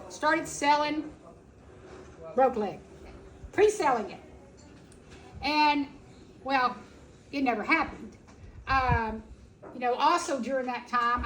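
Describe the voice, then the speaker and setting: A woman speaking at a festival, telling a personal story in a folksy, emphatic and animated way. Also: sits high, measured pace, long pauses, a little hiss or hum, low-quality recording. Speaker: animal sanctuary founder giving a talk. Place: festival stage.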